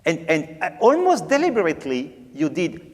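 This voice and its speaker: A man's voice: fairly high pitch, moderate pace, husky. A man teaching a piano master class, singing out phrases and joking as he coaches. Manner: animated, sings out phrases, playful. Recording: reverberant hall, faint piano.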